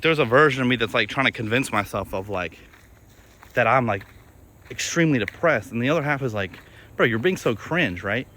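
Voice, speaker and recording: A young man talking candidly in a personal vlog, in a flat, halting way with many restarts as he reflects on himself. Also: mid-range voice. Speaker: video creator.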